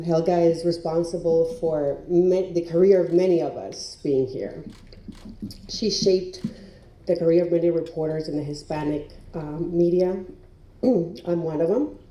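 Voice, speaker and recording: A woman in her fifties accepts an award with a dark, mellow voice, emotional and laughing often between her thanks. She is heard from some distance in a roomy ballroom. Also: lowish voice. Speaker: award honoree, TV reporter. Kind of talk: acceptance speech. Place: large hotel ballroom at a luncheon. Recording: roomy hall sound from a distance.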